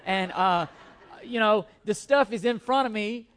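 A pastor in the pulpit with a notably high voice for a man, his delivery lively and full of self-mocking humor. He is a middle-aged man who tells a story with quick restarts, then settles into preaching. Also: smooth. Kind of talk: sermon with humorous personal story.

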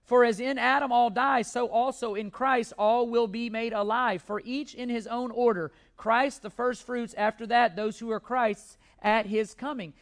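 A man's voice: very high-pitched, steady tone, normal speed, few pauses, a bit bright. A man preaching from the pulpit, pressing his points with repeated phrases and now and then catching himself mid-word. His delivery is earnest and emphatic. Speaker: pastor. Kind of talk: sermon.

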